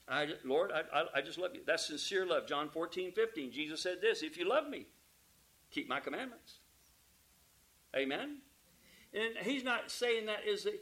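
A man preaching a sermon, emphatic, asking the congregation rhetorical questions and calling for amens, dropping from loud peaks to quiet asides. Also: a little high, rough recording.

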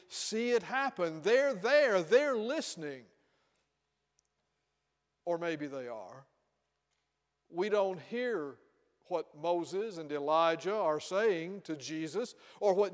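Male preacher, high voice, storytelling, questioning, church. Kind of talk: sermon. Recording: reverberant hall.

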